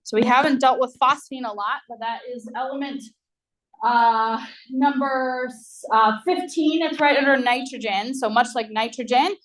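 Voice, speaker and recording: A woman's voice: sits high, normal speed, a bit bright. A woman giving a university chemistry lecture, explaining in a conversational way with many fillers and "right?" checks.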